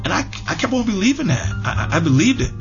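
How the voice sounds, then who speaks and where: A middle-aged man telling a personal story in a relaxed, conversational way, full of fillers and repeated words. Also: high-pitched, fast talker. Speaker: interviewee. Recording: dull lo-fi radio audio with music behind.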